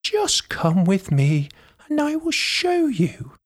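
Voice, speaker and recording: A man voicing a kindly, generous old woman in a storybook, with a high fluttery voice. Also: wildly swooping pitch, takes it slowly, full character voice. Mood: warm, eager.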